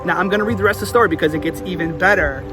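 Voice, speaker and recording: A male pastor delivers an online sermon, retelling a story with animated energy and playful jokes. His voice sits high for a man. Music plays quietly behind him. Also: rapid-fire.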